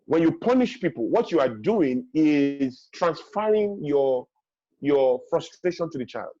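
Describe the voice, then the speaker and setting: High husky man, emphatic. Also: expressive, a little slow, dark tone, dry recording. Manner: emphatic, repeats key points, acts out parents' lines. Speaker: guest speaker on parenting. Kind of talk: webinar advice talk. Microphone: video call. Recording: dull lo-fi online call audio.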